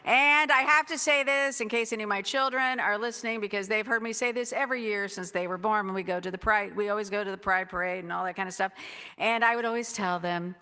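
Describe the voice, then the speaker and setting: A middle-aged woman pastor giving a lively, chatty sermon, exuberant and quick to whoop and laugh, in a church sanctuary. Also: medium pitch, smooth. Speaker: guest pastor. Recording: reverberant church hall.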